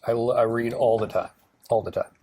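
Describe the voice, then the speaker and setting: A man's voice: medium pitch, steady tone, fairly quick, a little mellow, slightly rough, dry recording. A man from Alabama, a TV host, chatting as an interview guest and telling rambling, anecdotal stories full of fillers. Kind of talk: casual interview chat.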